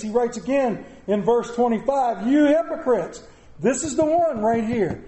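A middle-aged pastor preaching a sermon in a church, animated and mixing comic asides with scripture. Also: male voice, very high voice, a little slow, roomy sound. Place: church sanctuary.

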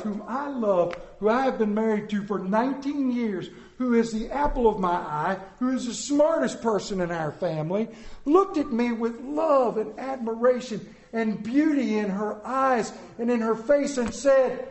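A middle-aged male pastor with a fairly high voice preaches a sermon in a church. He tells folksy, self-deprecating stories. His voice echoes around a roomy hall. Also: animated, moderate pace.

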